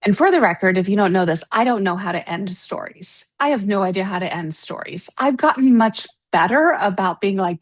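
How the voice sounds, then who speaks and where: A woman who writes novels, co-hosting a casual podcast and telling stories in an animated, emotional way. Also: medium pitch, a little fast, hardly any pauses. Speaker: podcast co-host. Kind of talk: casual chat.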